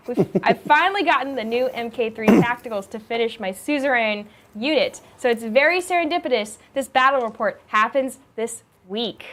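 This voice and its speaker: A woman's voice: on the high side, lively intonation, normal speed, fairly bright tone. Upbeat woman reading viewer messages. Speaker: stream host. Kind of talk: casual live stream chat.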